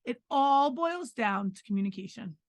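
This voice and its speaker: Middle-aged woman, slightly high voice, firm and matter-of-fact, dry close mic. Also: expressive, normal speed, no echo. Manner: firm, matter-of-fact, defends her point. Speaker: podcast co-host. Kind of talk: casual chat.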